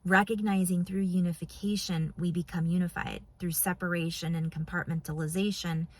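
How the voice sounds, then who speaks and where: A woman giving a heartfelt spiritual talk to her viewers, earnest and soft-spoken, pausing often and at times moved to emotion. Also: on the low side, fairly even intonation. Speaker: spiritual channel vlogger.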